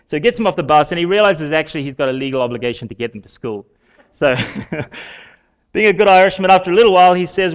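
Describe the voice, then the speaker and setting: Guy preaching a morning sermon, fairly high voice, lots of uhs and ums. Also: expressive, highs cut off. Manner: conversational, halting with many fillers.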